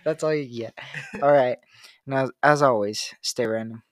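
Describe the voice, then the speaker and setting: A man's voice: mid-range voice, normal speed, no echo. Giggly teen boy, close and dry. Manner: giggly, goofy, rambling. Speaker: vlog co-host. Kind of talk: casual chat with impressions.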